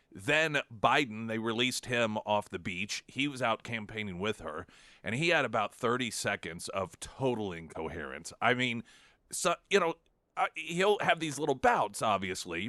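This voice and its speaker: A man hosting morning talk radio, his voice bright and forward, recorded dry and close in a studio. He talks conversationally and opinionated, stumbling through fillers and restarts as he riffs on the day's issues. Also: mid-range voice, no echo. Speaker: radio talk show host. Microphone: studio microphone.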